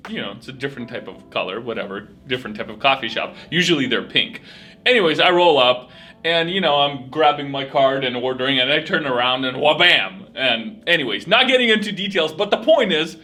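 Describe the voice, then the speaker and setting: A chatty vlog host, a man with a fairly high voice and a bright, forceful edge to it. He talks casually to the camera and laughs at his own stories, and soft music plays underneath. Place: home region.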